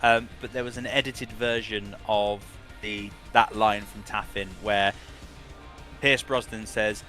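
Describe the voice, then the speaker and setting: A man's voice: lowish voice, steady tone, unhurried, bright, forceful tone, faint music behind. A man who works as a voice director, giving long, rambling interview answers full of restarts.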